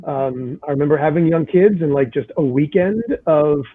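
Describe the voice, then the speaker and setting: A man's voice: on the high side, moderate pace. A man moderating a casual panel over a video call, chatty, often trailing off and restarting. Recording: tinny phone-like line.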